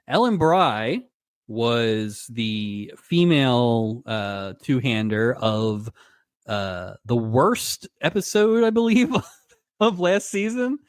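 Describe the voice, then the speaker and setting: A man's voice: mid-range voice, animated, takes it slowly, smooth, dry recording, studio quality. A man co-hosting a podcast, chatting casually in a wry tone and laughing often. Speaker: podcast co-host. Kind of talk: casual chat.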